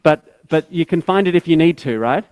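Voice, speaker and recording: Male surgeon narrating a live procedure, chatty step-by-step teacher, bright-ish pitch, dry sound. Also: expressive, moderate pace, smooth, dry recording, poor audio. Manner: explains step by step, with tag questions and restarts. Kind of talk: live surgical teaching commentary.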